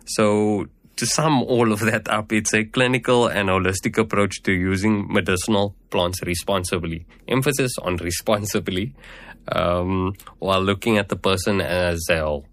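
A man answering interview questions as a herbal medicine practitioner, measured and explanatory, often starting with "um" or "so". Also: lowish voice, fairly even intonation, fairly bright tone. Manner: measured, explanatory, many "at the end of the day".

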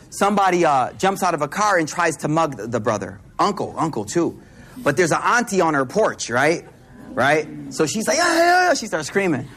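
A man from Buffalo giving a casual Islamic lesson, an animated storyteller mixing slang and Arabic terms. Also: on the high side. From Buffalo, New York, US. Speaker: Islamic teacher.

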